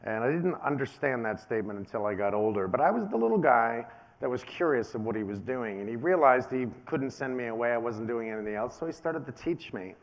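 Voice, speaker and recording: Male keynote speaker, 50s, lively storyteller, casual and conversational. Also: medium pitch. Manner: animated storyteller, acts out quoted voices.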